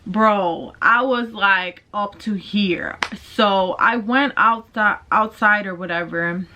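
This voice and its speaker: A woman's voice: mid-range voice, takes it slowly, bright, forceful tone, a little hiss or hum. A young woman telling a personal storytime vlog, casual and candid, with plenty of slang and swearing. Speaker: vlogger. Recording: dull lo-fi sound.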